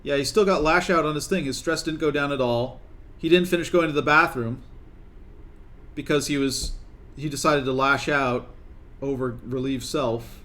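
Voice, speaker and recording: A man's voice: fairly high pitch, steady tone, moderate pace, a bit bright. A young man streaming a colony game, talking to his characters in a coaxing, exasperated way. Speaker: gaming streamer. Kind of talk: live gameplay commentary.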